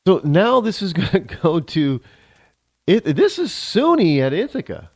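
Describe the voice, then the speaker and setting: A man's voice: high-pitched, big pitch swings, unhurried, dry recording. A man from the United States hosting a talk show, ranting sarcastically in an opinionated monologue.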